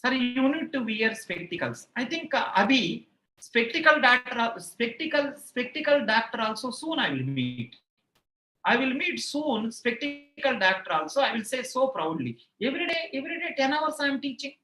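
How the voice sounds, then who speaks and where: A man's voice: extremely high pitch, big pitch swings, normal speed, bright, forceful tone. Male teacher, Indian English accent, repeats himself, joking anecdotes, roomy reverb. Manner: repeats phrases, rambling anecdotes, playful self-mockery. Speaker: online exam-prep teacher. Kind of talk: chatty aside in a live class, answering chat.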